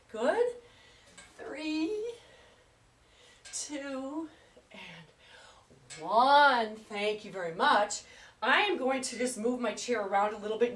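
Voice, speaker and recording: A woman's voice: fairly high pitch, slight background noise. A woman fitness trainer leading an exercise class, chatty and upbeat, counting reps aloud and getting out of breath. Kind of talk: live exercise class instruction. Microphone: camera at a distance. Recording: echoey room, voice far from mic.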